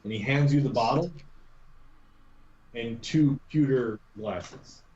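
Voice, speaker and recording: A man narrating a tabletop game as game master, talking in a halting way with many restarts. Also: mid-range voice, mellow, reverberant, muffled recording, slight background noise.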